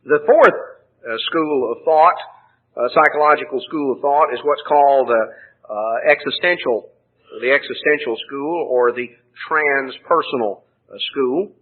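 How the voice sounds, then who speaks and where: A man's voice: measured pace, phone-quality sound. A man preaching a sermon, reasoning earnestly with frequent hesitations and restarts, lifting his voice when he quotes scripture. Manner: rises in pitch and volume when quoting scripture.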